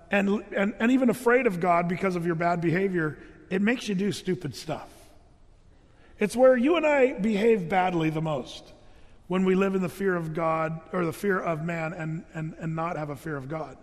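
A man's voice: high voice, long reverb tail. A male pastor preaching a sermon in church, telling the story animatedly and acting out the characters' voices. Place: church hall.

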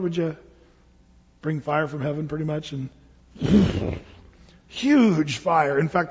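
Husky, high-voiced preacher man. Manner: conversational, humorous storytelling. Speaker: pastor. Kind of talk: sermon. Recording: reverberant hall, dull lo-fi sound.

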